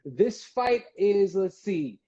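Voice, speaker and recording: A man's voice: high-pitched, big pitch swings, takes it slowly, dark tone, highs cut off. A man hosting a casual live-stream interview, talking loosely with slang and repeated words. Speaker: interview host. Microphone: video call.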